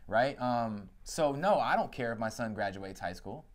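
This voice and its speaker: A man in his thirties co-hosting a casual podcast chat, talking in an animated, emphatic way with a lot of slang. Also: medium pitch, normal speed. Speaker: podcast co-host.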